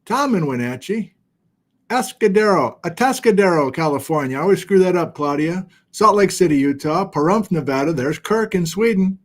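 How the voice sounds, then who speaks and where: A man's voice: fairly high pitch, animated, a little fast, hardly any pauses. Chatty man hosting a livestream. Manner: chatty, self-deprecating, reads viewer locations aloud. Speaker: livestream host. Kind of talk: casual livestream chat. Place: home studio with document camera.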